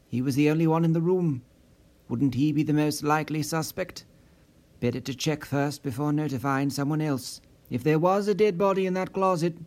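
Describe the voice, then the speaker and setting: A man reading a story in steady, measured scripted narration. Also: a little high. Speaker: audiobook narrator.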